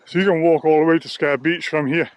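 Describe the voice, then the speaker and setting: A man's voice: a little high, fairly even intonation, fast. A man, chatting casually to camera on a walk through an open nature reserve and grumbling a little between remarks. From Wales. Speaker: vlogger and sound therapist. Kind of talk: casual walk-and-talk vlog.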